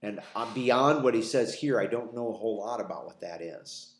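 A Bible teacher speaks in a lowish, expressive voice at a moderate pace, his words echoing in a church meeting room. Leading a small group in a conversational study, he takes a folksy manner, asks rhetorical questions, and acts out quoted dialogue.

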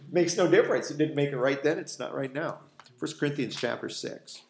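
A Bible teacher with a slightly high, gravelly voice speaks at normal speed, with a bit of hiss or hum and room echo on the recording. Folksy and conversational, he leads a small group in a church meeting room, asking rhetorical questions and performing quoted dialogue.

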